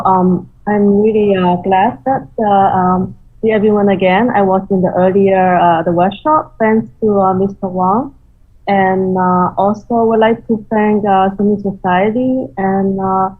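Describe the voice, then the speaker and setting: Husky woman over a tinny call line. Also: mid-range voice, steady tone, far from the mic. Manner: halting, many fillers. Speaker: award winner. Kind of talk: thank-you speech on a video call. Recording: tinny phone-like call audio from afar.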